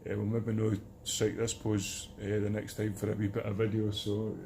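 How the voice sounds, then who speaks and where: A man's voice: on the low side, completely flat delivery, normal speed, vocal fry, mellow, slight background noise. A man with a Scottish accent chatting in a jokey, rambling way in a casual vlog before a charity trek. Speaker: charity trekker.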